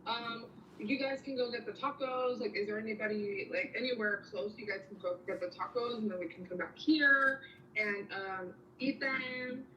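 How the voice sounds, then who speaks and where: A woman's voice: fairly high pitch, moderate pace, bright, forceful tone, roomy sound, recorded from a distance, lo-fi sound, a little hiss or hum. A young woman telling a story in casual chat, rambling and slangy with lots of fillers.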